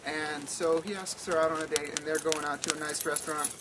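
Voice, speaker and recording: A man telling a comic story at a campfire, animated with many stammering restarts. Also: on the high side, a little fast. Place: outdoor campfire at night. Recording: noisy outdoor camp recording.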